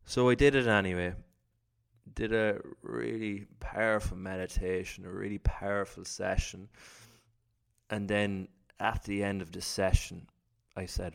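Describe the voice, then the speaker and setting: Deep gravelly man sharing personal reflections. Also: flat delivery, a little slow. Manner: earnest, storytelling with acted inner thoughts. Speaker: self-development speaker.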